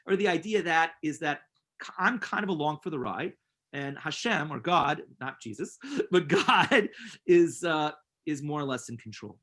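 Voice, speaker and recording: A man's voice: on the high side, lively intonation, moderate pace, a bit bright. A man teaching a class as a rabbi, earnest and emphatic, telling personal stories and repeating words for stress. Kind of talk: inspirational class with storytelling.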